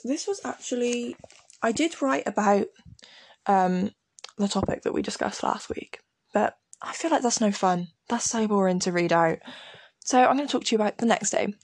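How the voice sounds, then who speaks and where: A young woman chats casually and laughs at herself as she talks. Her voice carries a gravelly fry at the ends of phrases. The recording is close and dry, with no room sound. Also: mid-range voice, dry recording. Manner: giggly, self-mocking, animated. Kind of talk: casual chat, reading from an old diary.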